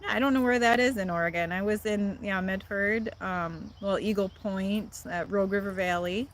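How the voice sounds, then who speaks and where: A Midwestern woman with a Midwestern accent hosts a livestream, chatting casually, answering viewer comments and laughing often. Her voice is medium-pitched at a normal speed, with a little hiss or hum in the recording.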